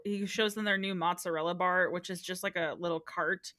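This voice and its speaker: A woman's voice: on the low side, fairly even intonation, normal speed, bright, forceful tone, no echo. A woman recapping a show in casual podcast chat, giggly, with dry jokes.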